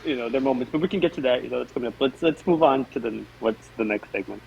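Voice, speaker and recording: A man's voice: medium pitch, quick pace, gravelly, a little mellow, breathy edge. A man co-hosting a wrestling review podcast, blunt and dismissive, ranting in exasperation. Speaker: podcast co-host. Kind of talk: casual wrestling review chat. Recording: dull lo-fi audio.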